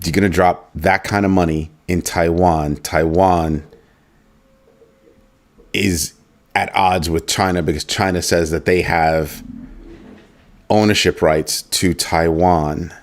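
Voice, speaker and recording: Deep-voiced man musing through rhetorical questions. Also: fairly even intonation, slow pace, pauses often. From United States. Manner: musing, asks rhetorical questions, reads chat aloud. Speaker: livestream host. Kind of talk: casual livestream commentary.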